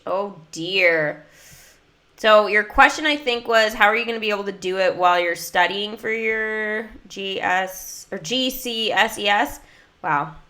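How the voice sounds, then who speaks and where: A woman's voice: medium pitch, pushed and bright. A young woman livestreaming a mobile game, chatting in a bubbly, talkative way with many fillers. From United States. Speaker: gaming livestreamer. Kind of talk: casual livestream chat.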